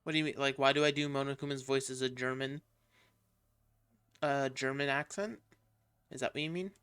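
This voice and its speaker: A woman's voice: extremely low pitch, steady tone, brisk, fairly bright tone, smooth, no echo. A woman streaming a game and chatting casually, candid and swearing now and then. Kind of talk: casual gameplay commentary.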